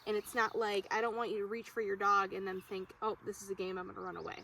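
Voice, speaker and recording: A young woman dog trainer explaining a recall exercise during an outdoor training demonstration, calm between bright calls to the dog. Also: fast, vocal fry. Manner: explains calmly, then high excited calls to the dog. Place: outdoors on a walk. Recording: distant mic with outdoor noise.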